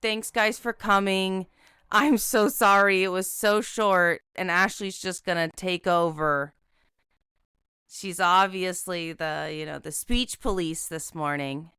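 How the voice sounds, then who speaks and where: A woman's voice: lowish voice, steady tone, slow pace, sharp tone, smooth, no room sound, clean studio sound. A woman co-hosting a podcast in casual chat, giggly, swearing freely and joking at her own expense. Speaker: podcast co-host.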